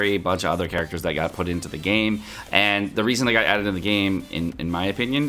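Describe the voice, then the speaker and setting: A man's voice: deep voice, brisk, fairly bright tone. A young man giving a casual game guide, laid-back and loose, with lots of ums and uhs and the odd swear. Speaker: gaming YouTuber.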